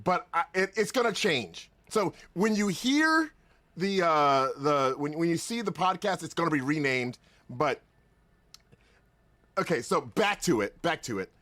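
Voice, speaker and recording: A man's voice: on the high side, animated, measured pace, a bit bright, no room sound. A man hosting a casual podcast, rambling with lots of restarts and laughing often. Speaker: podcast host.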